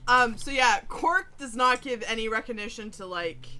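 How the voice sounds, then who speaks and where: Bright high-voiced woman game master. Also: normal speed. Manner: giggly, filler-heavy. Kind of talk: narrating a tabletop game.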